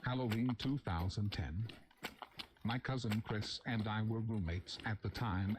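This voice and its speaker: A young man reading a scary first-person story aloud as a narrator, with a steady, even storytelling delivery. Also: lowish voice, noisy background. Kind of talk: scripted horror story narration.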